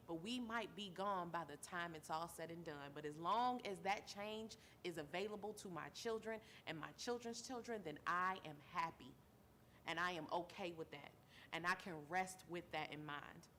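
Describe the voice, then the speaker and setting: With a lowish, fairly bright voice at a moderate pace, a tired mom delivers a sincere talk-show monologue on her own program. She leans on repetition for emphasis and keeps calling her audience baby, over a faint hiss or hum.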